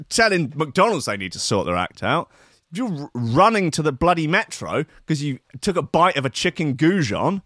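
A man's voice: a little high, fairly bright tone, no echo, studio quality. A man hosting a radio show, ranting sarcastically and swearing as he reads and mocks news stories. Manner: sweary, sarcastic rants with mock outrage. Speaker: radio host.

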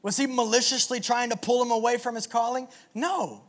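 A man preaching a sermon to a live audience in an animated, energetic way, with call-and-response. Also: extremely high pitch, brisk. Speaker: pastor.

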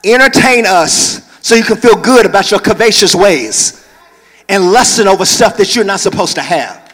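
A man preaching a sermon from the pulpit of a large church, moving between conversational talk and loud hollering. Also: sits high, expressive, moderate pace, in a large hall. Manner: preaching, shifts into hollering whoops. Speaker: pastor.

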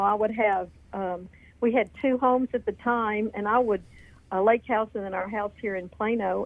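A woman's voice: medium pitch, no echo, rough recording. A middle-aged woman, a guest author telling her life story in an earnest, chatty way on a radio interview. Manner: chatty, earnest, tells stories with quoted dialogue.

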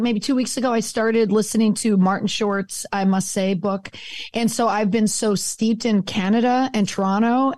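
A woman's voice: fairly high pitch, a little mellow, no room sound. An American woman chatting as a podcast guest, enthusiastic and emphatic about crisis communication. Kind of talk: casual podcast chat.

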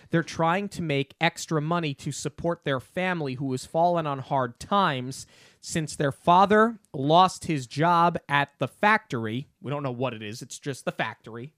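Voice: mid-range voice, a bit bright, dry recording. Opinionated New Yorker, dry sound. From New York. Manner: opinionated, argumentative, many fillers and restarts. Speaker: podcast co-host. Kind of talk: casual review chat.

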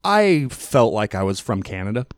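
A man co-hosting a podcast in casual chat, rambling through animated stories and throwing in mock accents. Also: on the low side, normal speed, dry recording. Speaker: podcast co-host. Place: podcast studio.

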